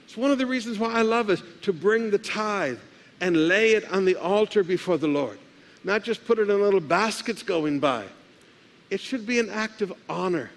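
High-voiced man preaching in a reverberant hall. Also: moderate pace. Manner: animated preaching with call-and-response to the congregation. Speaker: pastor. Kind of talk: sermon. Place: church sanctuary. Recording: live with long hall reverb.

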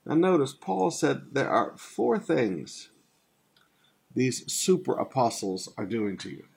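A man's voice: mid-range voice, very animated, slow pace, creaky, darkish tone, slight background noise. An older man preaching a sermon, teaching through a Bible passage in a conversational way, with asides and repeated phrases. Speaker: pastor.

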